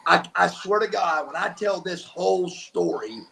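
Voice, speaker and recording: The high, creaky voice with a sharp tone comes from an older man who once wrestled, now a guest in an interview. Telling his stories at a moderate pace over slight background noise, he's emphatic and voices the people he quotes.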